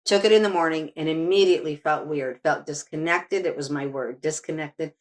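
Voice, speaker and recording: A woman's voice: low-pitched, fairly quick. A middle-aged woman, a medium, telling a personal story as a podcast guest in a rambling way, with restarts and fillers.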